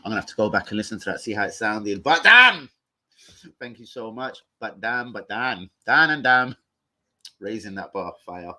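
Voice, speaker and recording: A young man hosting a casual live stream, full of slang, swearing and excited banter. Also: on the low side, a little fast. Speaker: livestream host.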